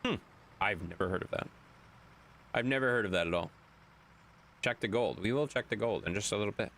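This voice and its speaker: A man's voice: fairly low pitch, fairly quick, creaky, a bit bright, a little hiss or hum. A man streaming a game late at night, reading chat aloud in a chatty way, swearing now and then.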